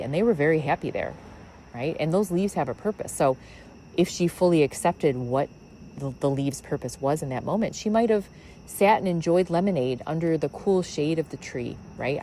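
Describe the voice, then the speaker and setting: Very low-voiced woman musing in her backyard. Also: expressive, moderate pace, warm tone, slight background noise, rough recording. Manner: musing, rambling with many fillers. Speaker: podcast host. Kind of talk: reflective spiritual monologue. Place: outdoors in a backyard.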